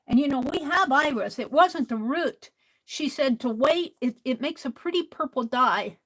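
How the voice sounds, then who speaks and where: A woman chatting casually while she stitches, softly talking to herself and sometimes dropping to a whisper. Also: high voice, expressive, moderate pace, low-quality recording. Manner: soft-spoken, drifts into whispers; talks to herself while working. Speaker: crafting livestream host.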